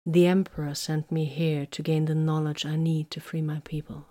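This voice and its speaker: Woman doing a sly calm lady inquisitor from a sci-fi audiobook, low voice, solemn. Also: normal speed. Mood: composed. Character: shrewd, composed female inquisitor.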